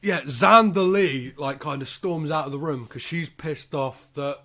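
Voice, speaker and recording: A man with a slightly high voice tells a film's story in a loose, rambling way. His talk is packed with fillers, and he slips into acted quotes. This is a casual podcast chat between friends. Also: unhurried, fairly bright tone. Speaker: podcast co-host. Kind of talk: casual chat reviewing a film.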